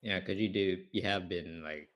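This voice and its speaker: A man's voice: low voice, moderate pace, a bit bright. A laid-back man chatting and laughing on a casual online call from his computer.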